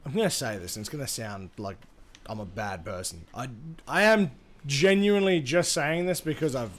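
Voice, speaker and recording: A man's voice: medium pitch, lively intonation, moderate pace. An Australian man chatting casually on a live gaming stream, rambling, swearing freely and reading chat aloud.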